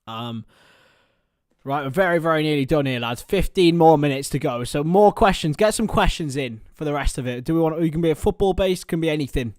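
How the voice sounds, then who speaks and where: A young man hosting a casual live stream, chatting with viewers by name and bursting into excited shouts. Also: a little high, fairly quick, no echo, clean studio sound. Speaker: livestream host.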